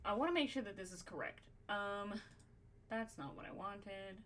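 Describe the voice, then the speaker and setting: A woman's voice: medium pitch, normal speed, slight background noise. A woman hosting a podcast, brainstorming in casual chat, swearing freely and thinking aloud with lots of fillers. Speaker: podcast host.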